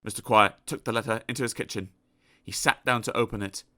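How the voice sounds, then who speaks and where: A man narrating a children's storybook aloud in an expressive, animated storytelling manner. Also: medium pitch, a little fast, no echo, clean studio sound. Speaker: audiobook narrator.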